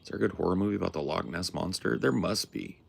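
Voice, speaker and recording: A man with a very low voice full of heavy vocal fry, hosting a livestream. He chats casually and rambles in slangy, profane asides to his viewers. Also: fast talker. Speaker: livestream host. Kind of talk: casual chat with a live chat.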